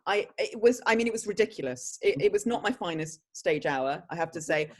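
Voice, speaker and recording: A woman, an actress answering interview questions with lively, laughing anecdotes. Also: on the low side, brisk. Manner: animated storyteller, breaks into laughter. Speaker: actress guest.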